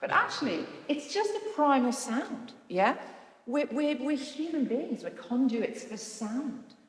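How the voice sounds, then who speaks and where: A woman leading a choral workshop, guiding a group through playful vocal warm-ups with encouragement and sudden leaps in pitch. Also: sing-song, measured pace. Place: large hall with a group. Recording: echoey hall from far off.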